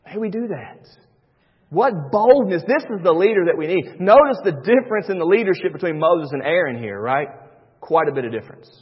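A man, a pastor preaching a sermon, swinging between loud and hushed. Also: sits high, sing-song, brisk, slightly rough. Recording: dull recording with long church reverb.

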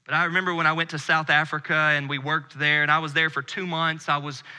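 Bright-voiced preacher man in a hall. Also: on the high side, flat delivery, quick pace. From United States. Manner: earnest preaching, drops quiet on key phrases. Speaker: pastor. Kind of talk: sermon. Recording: long hall reverb.

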